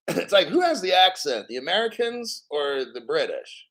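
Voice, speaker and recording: A man with a somewhat high-pitched voice chats through a crypto livestream in an easy, rambling way. He swears casually and keeps clearing his throat between thoughts. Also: sing-song, normal speed, fairly bright tone. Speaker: crypto livestream host reading chat.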